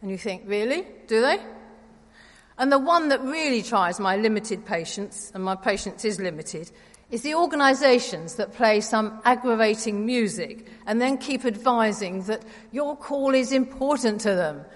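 A woman giving a conversational, gently wry sermon in church. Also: on the high side, expressive, normal speed. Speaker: preacher. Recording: reverberant church hall.

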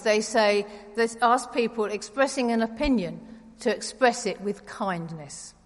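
A woman giving a conversational, gently wry sermon in church. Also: a little high. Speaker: preacher. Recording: reverberant church hall.

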